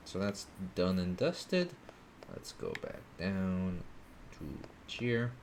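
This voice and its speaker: A man streaming a video game, talking casually and muttering to himself as he plays. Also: sits low. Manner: laid-back, muttering to himself. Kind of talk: casual gameplay commentary.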